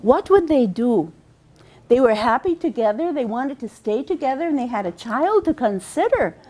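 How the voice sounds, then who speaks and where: A woman storyteller telling a folk tale aloud, lively, slowing for emphasis and repeating phrases. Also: high voice.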